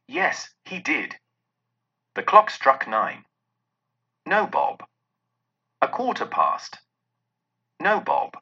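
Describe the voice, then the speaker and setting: A man narrates a storybook with expressive drama. His pitch rises and falls a lot over a bright, husky tone. The recording sounds dull and lo-fi. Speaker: reader.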